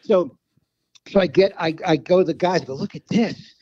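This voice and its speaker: A man in a casual chat recounts road stories in a rambling way, full of restarts. His voice sits a little high but sounds dark and mellow. The sound is dull and lo-fi, with a dry, close feel. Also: normal speed. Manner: rambling anecdotes with many restarts. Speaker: guest, former band road manager. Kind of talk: casual storytelling in conversation.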